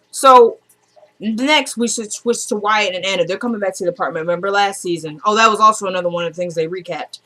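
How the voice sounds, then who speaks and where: A woman's voice: medium pitch, fairly bright tone. A woman talking casually as she recaps a TV drama episode. She retells each scene by quoting the characters in a loose, chatty way. Her voice sits in an ordinary middle range.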